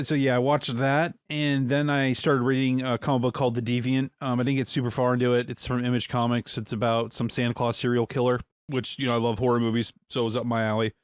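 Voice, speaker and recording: A man's voice: mid-range voice, clean tone, no room sound, studio quality. A man co-hosting a podcast in rambling, laid-back casual chat, swearing now and then. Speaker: podcast co-host.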